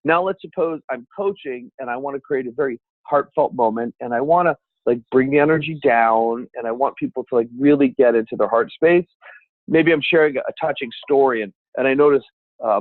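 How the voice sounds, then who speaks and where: A man teaching a seminar on speaking with an energetic, emphatic coaching delivery. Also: medium pitch, no echo. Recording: dry, phone-like sound.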